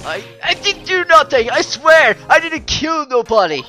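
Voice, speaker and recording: A frightened prisoner stammers out denials in a high, strained voice, put on by a fan voicing a video game. Pitch jumps all over the place, and the voice stays bright and forceful. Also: sing-song, unhurried, soft background music, exaggerated voice. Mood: panicky. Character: panicky escaped male convict, jumpy and fearful.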